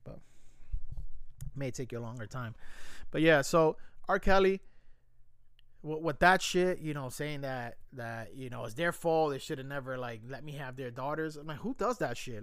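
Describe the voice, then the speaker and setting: A man's voice: mid-range voice, clean tone, dry recording, clean studio sound. A man in his thirties ranting in casual talk, blunt, heated and full of swearing. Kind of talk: casual opinion rant.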